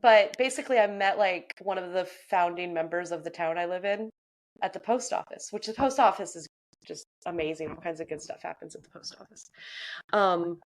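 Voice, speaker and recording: A woman's voice: lowish voice, fairly quick. A young adult woman from Central Florida, a podcast co-host, telling stories in casual chat, acting out quoted voices and laughing often.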